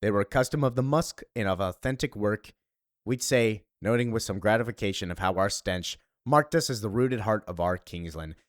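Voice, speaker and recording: A man's voice: lowish voice, normal speed, dry recording, lightly acted. Guy reading as a prim wordy young girl narrator, comic book read-aloud, dry sound. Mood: formal. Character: young girl narrator, formal and sharp-tongued.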